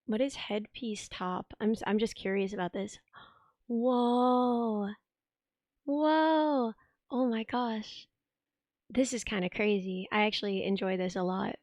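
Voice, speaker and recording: A young woman with a sick voice, chatting on a live stream, thinking aloud as she tinkers and thanking viewers with excitement. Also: mid-range voice, moderate pace, dry recording, clean studio sound. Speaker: livestreamer. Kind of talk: casual live stream chat. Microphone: desk streaming microphone.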